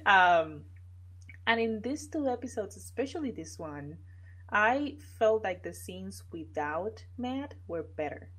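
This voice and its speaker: A woman's voice: mid-range voice, big pitch swings, slow pace, fairly bright tone, rough recording. A woman co-hosting a podcast in casual chat, starting her sentences hesitantly. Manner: hesitant starts, frequent agreeing murmurs. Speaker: podcast co-host.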